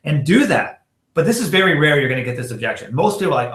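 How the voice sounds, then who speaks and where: A bright, forceful man gives a chatty training talk to a room of sales reps. His voice sits a little higher than most men's. He acts out text message exchanges and fills his talk with "you know" and "like", and the sound carries an echo from the room. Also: sing-song, quick pace. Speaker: network marketing trainer.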